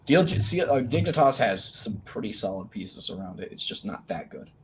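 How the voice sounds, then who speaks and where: A young man co-hosting a podcast, giving opinionated, halting takes on esports teams. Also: on the low side, big pitch swings, slight background noise. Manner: opinionated, hesitant restarts. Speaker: podcast co-host. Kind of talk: casual esports chat.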